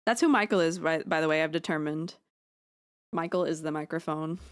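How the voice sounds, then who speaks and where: A woman's voice: low voice, a little fast, clean tone. A woman streaming live from home on a close mic, chatting while she draws, rambling, joking at her own expense and swearing freely. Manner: rambling, self-deprecating, swears freely, jokey asides. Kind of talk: casual live-stream chat while drawing.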